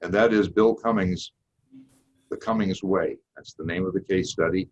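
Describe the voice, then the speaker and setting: Guest speaker, eighties, Boston accent; low and raspy, unhurried folksy storyteller; muffled lo-fi sound. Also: male voice, fairly even intonation, soft background music. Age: 80s. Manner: measured, folksy storytelling with occasional restarts. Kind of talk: prepared seminar talk. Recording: dull lo-fi recording.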